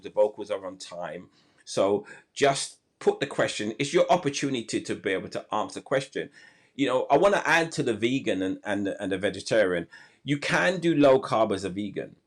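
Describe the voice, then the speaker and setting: A man hosting a live health podcast over a video call, talking enthusiastically and often restarting his sentences. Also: fairly low pitch. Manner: enthusiastic, many restarts and fillers. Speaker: podcast host.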